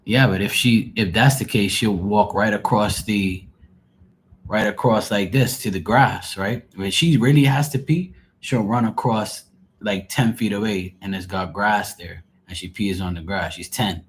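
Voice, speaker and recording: Deep-voiced male streamer, rambling, exasperated, foul-mouthed, faint hiss behind. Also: unhurried. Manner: rambling, exasperated, swears freely. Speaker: live tarot reader. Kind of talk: casual live-stream chat.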